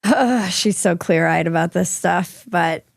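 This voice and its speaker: Slow-talking woman podcast host. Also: fairly low pitch, vocal fry, dry recording, studio quality. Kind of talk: conversational interview.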